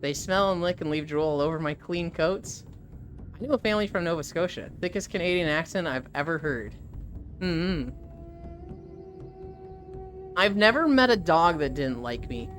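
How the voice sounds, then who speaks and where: A woman streamer in casual, rambling live chat, candid and quick to swear. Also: on the low side, lively intonation, faint music behind. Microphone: desk microphone.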